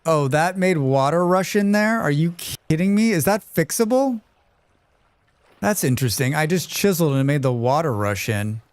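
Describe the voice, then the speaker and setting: Chatty male game streamer, smooth dry voice. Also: fairly high pitch, sing-song, moderate pace, dry recording. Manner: chatty, reads chat aloud, hums to himself. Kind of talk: casual gaming livestream chat.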